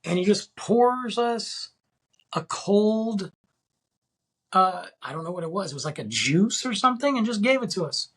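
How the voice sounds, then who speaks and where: Male podcast host, husky voice, excited, rambling, slangy chat. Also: high-pitched, measured pace. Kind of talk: casual podcast monologue.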